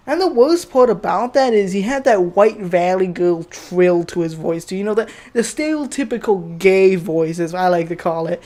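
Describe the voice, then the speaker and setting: A man's voice: sits high, normal speed, few pauses, a little mellow. A young man telling a personal story as a profane, heated rant, rambling with many fillers. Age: young adult.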